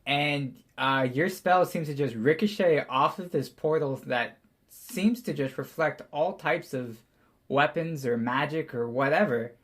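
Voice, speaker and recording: A man's voice: fairly high pitch, unhurried, a bit bright. A man narrating as game master of a tabletop game, casual and rambling, laughing often.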